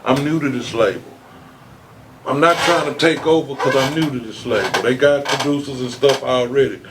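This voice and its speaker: A man's voice: mid-range voice, moderate pace, very noisy. A man telling a long story as an interview guest, cursing freely and acting out the quotes. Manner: animated storyteller, swears freely, acts out quotes.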